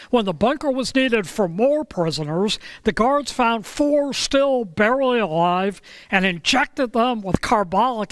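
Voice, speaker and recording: A man preaching a sermon, telling a story in a slow, measured way with dramatic pauses. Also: high-pitched, fairly bright tone, clean tone, no room sound. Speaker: pastor.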